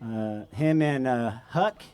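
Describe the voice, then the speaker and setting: A man's voice: medium pitch, slow pace, darkish tone, smooth. A man emceeing at a music festival stage, chatty and rambling, often correcting himself mid-sentence. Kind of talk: stage introduction.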